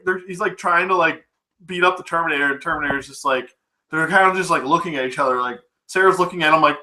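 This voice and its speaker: Male film reviewer, casual and rambly, swears and laughs a lot, crisp bright tone. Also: fairly high pitch, fast. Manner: rambling, laughing, profane, full of fillers. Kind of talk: casual movie recap.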